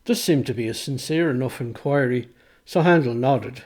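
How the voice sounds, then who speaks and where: A man reading a historical ghost story aloud in a measured, calm storytelling manner. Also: mid-range voice.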